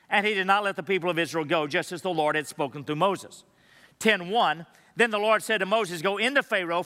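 Male pastor, high bright voice, emphatic conversational sermon, reverberant church hall. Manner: emphatic, conversational preaching with rhetorical questions.

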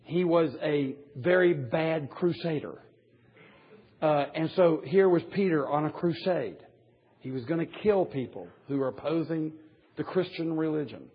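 A man's voice: fairly high pitch, measured pace, husky. A man preaching a sermon to a men's Bible study, emphatic, with wry asides and chuckles at his own points. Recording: dull lo-fi recording.

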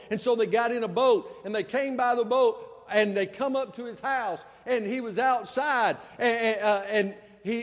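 A man, a pastor, preaching a sermon, his voice swinging between loud outbursts and hushed, low passages. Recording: long hall reverb.

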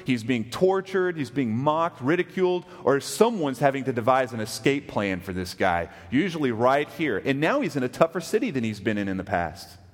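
Texan pastor preaching in a reverberant hall. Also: male voice, mid-range voice, very animated, normal speed, few pauses. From West Texas. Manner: conversational, asks the congregation questions. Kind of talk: sermon.

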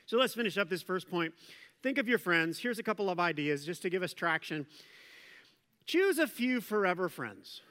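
At a normal speed and with a voice that sits high, a middle-aged male pastor preaches in a large hall. He retells a story animatedly, slipping in playful jokes and asides.

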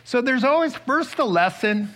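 A man preaching a sermon as pastor, emphatic, with sudden rises in pitch and loudness. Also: animated. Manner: unhurried and drawn out.

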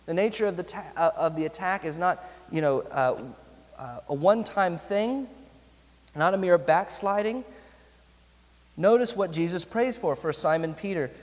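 A pastor delivers a sermon in an earnest, emphatic way, slowing down to lean on his key phrases. His voice sits a little on the high side for a man. The sound carries the long reverb of a large hall.

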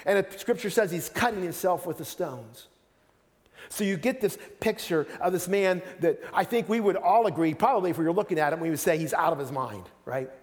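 Man, pastor, sermon, fairly high voice, earnest, stumbling restarts, long hall reverb. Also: a little fast. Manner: earnest, repeats words when starting sentences, chuckles now and then.

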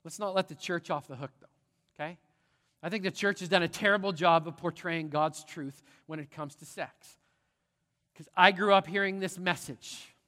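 Male pastor, middle-aged, preaching, animated and chatty, fairly high voice, long church reverb. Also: moderate pace. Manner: animated, conversational, checks in with the crowd often. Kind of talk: sermon. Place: large church sanctuary.

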